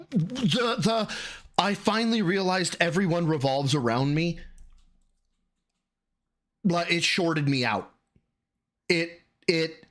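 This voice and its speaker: A man with a Midwestern American accent reacting to a clip on his live stream, swearing and exasperated, his voice jumping high. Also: a bit bright. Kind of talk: casual live-stream commentary.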